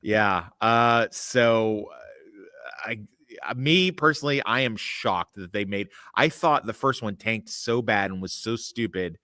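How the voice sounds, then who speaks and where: A man's voice: fairly low pitch, expressive, takes it slowly, bright, forceful tone, no room sound, studio quality. A man hosting a casual podcast chat, rambling and cursing freely while he gives blunt opinions. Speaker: podcast host. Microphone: remote call mic.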